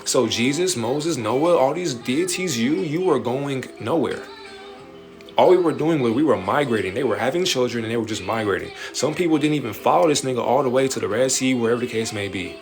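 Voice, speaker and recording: A man hosting a late-night livestream, preaching in an animated way with slangy street talk and swearing. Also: medium pitch, a little fast. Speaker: livestream host answering viewer questions. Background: faint music playing in the background.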